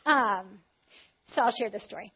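Woman preacher, high bright voice, chatty storytelling sermon, slightly muffled audio. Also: moderate pace, slightly rough. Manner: candid, animated retelling with acted quotes.

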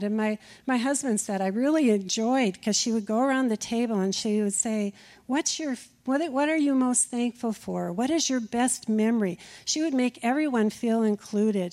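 Woman from Minnesota, heartfelt eulogy, mellow warm tone, church sanctuary. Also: medium pitch. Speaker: friend giving a eulogy. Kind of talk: personal eulogy at a memorial service.

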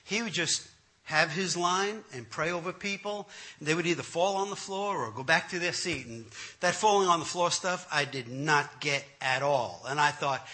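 A man's voice: fairly high pitch, normal speed. A man, an entertainer, telling his testimony as a comic story, laughing as he goes. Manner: animated, laughing through the story.

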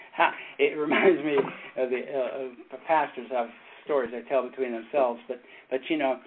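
A pastor and former Navy chaplain teaching a casual Bible study, telling stories in a rambling way, with halting restarts and frequent chuckles. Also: male voice, fairly high pitch. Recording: tinny phone-like sound with faint noise.

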